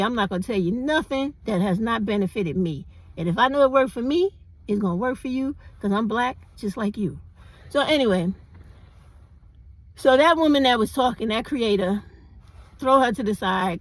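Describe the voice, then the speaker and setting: A woman's voice: medium pitch, no room sound, low-quality recording. A middle-aged woman, talking bluntly and preachily in a casual, profane opinion monologue. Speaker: commentary vlogger.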